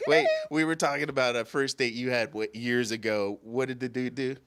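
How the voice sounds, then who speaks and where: A man's voice: medium pitch, steady tone, moderate pace, a bit bright, smooth. A man with a mid-range voice co-hosts a casual talk show. He jokes along in playfully petty banter. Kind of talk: casual chat.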